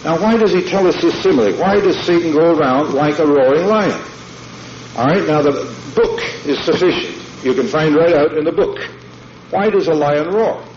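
Folksy preacher on an old echoey tape. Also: male voice, on the high side, moderate pace, darkish tone, a little hiss or hum. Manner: folksy, emphatic, asks the congregation questions. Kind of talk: sermon. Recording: dull lo-fi sermon tape in an echoey hall.

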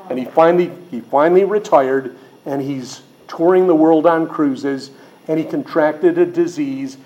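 An older man with a slightly high voice teaches a sermon. He talks in a folksy, joking way and slows down when he reads scripture. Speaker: Bible teacher.

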